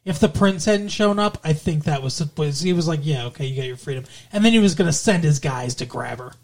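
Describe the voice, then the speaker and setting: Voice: medium pitch, lively intonation, a little fast. A podcast co-host talking through a movie in loose, rambling fashion. They swear freely, drift between thoughts and keep slipping into the characters' lines as they retell scenes. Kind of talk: casual movie discussion.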